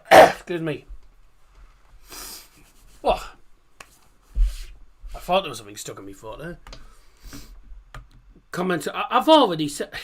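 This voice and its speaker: A man hosting a football watchalong stream, rambling casually through viewer comments with lots of fillers and restarts. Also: sits high. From Middlesbrough, England. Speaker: livestream host. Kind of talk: casual chat reading live comments.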